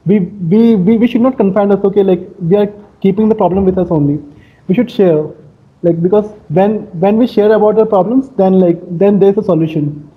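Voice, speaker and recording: Guy hosting, high voice, lots of "like", sounds tinny like a phone line. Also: a little fast. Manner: hesitant, many fillers like "like". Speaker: host. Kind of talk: casual video-call interview. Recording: tinny phone-like call audio.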